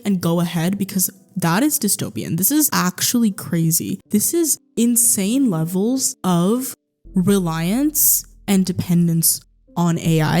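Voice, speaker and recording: A young woman rants to the camera in a vlog, exasperated and animated, throwing out rhetorical questions with the odd swear. Her voice is mellow and relaxed in tone, not sharp. Soft music plays faintly underneath. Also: mid-range voice. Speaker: YouTuber. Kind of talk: commentary rant vlog. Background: soft background music.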